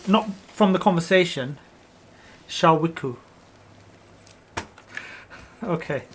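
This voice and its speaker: A man's voice: on the high side, moderate pace, long pauses, a bit bright, slight background noise. A man hosting a let's play, riffing jokingly in casual gameplay commentary from a home gaming setup. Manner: joking, rambling riffs on a word.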